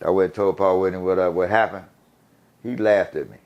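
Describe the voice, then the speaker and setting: An older man from the USA telling stories in a casual interview, animated and profane, laughing as he talks. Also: low-pitched, a little fast, muffled recording. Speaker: guest storyteller.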